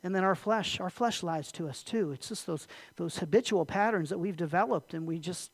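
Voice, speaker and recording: A pastor preaching a sermon in a conversational way, asking the congregation rhetorical questions and dropping the voice low and soft on key points. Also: moderate pace, no echo.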